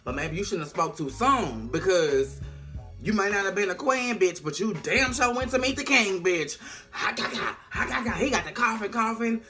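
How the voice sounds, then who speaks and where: A vlogger retelling a TV episode in casual chat, animated and full of slang and swearing. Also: medium pitch, normal speed, music in the background. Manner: animated, profane, slang-heavy storytelling. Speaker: TV recap vlogger.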